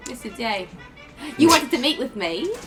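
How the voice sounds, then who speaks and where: A woman's voice: fairly high pitch, sing-song, moderate pace, over music. Brief: sly Cockney gnome trickster, male, played by a woman. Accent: put-on Cockney. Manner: teasing, flirtatious. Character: sly shape-shifting gnome fool, male.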